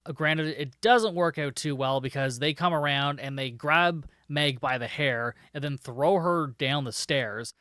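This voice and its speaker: A man talks through a film's plot for his podcast in a loose, chatty way, dropping sarcastic and profane asides. His voice is smooth and clear, and it sounds dry and close to the mic. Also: medium pitch, fairly bright tone, no room sound. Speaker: podcast host reviewing a film. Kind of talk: casual spoken film recap.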